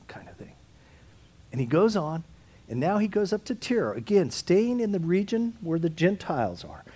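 A man's voice: sits high, lively intonation, normal speed, a little mellow. A man teaching a Bible study, talking through the text conversationally, with restarts and asides and rising to emphatic peaks. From United States.

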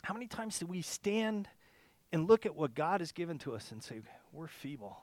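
High-voiced man preaching conversationally. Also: big pitch swings, fairly quick, darkish tone, no room sound. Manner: conversational preaching, frequent restarts and rhetorical "okay?" checks. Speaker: pastor. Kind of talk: sermon. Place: church service.

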